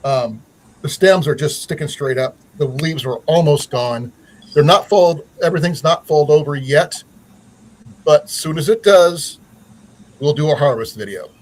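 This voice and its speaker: Rambling husky-voiced man hosting a chat. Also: a little high, darkish tone, poor audio. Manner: rambling, many fillers and restarts. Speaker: channel host. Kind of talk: casual livestream chat.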